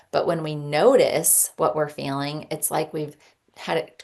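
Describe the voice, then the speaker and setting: Woman, deep voice, gravelly, chatty podcast host, lots of ums. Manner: chatty with frequent ums and restarts. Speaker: podcast host and parent coach. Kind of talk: casual teaching monologue.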